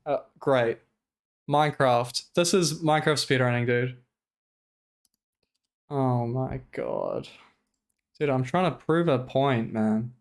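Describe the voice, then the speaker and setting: Young male streamer, mid pitch, smooth clear voice, profane rambling commentary. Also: steady tone, normal speed. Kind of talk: casual livestream commentary.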